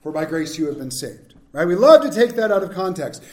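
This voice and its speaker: A man pastor preaching a sermon, swinging between loud, emphatic lines and hushed, slow ones. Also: high voice, big pitch swings, roomy sound.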